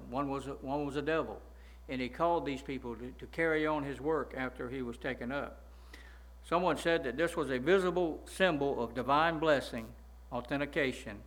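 A man's voice: medium pitch, fairly bright tone. A man preaching a sermon, emphatic, often stopping to ask his listeners "right?" and repeating words as he goes.

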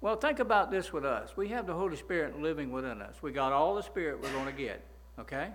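A man's voice: fairly high pitch, expressive, fast talker, fairly bright tone, a little hiss or hum. A man preaching a sermon, emphatic, often stopping to ask his listeners "right?" and repeating words as he goes.

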